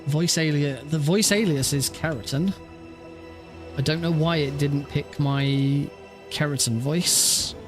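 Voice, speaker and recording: Over background music, a man with a slightly high voice talks slowly while streaming a speedrun. His casual chat rambles, and he often restarts sentences and corrects himself as he fixes his setup.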